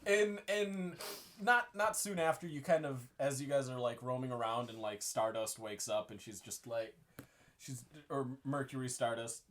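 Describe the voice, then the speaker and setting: A man's voice: medium pitch, moderate pace, a bit bright, a little hiss or hum. A man running a tabletop game as game master, narrating in a rambling, casual way full of fillers and laughter.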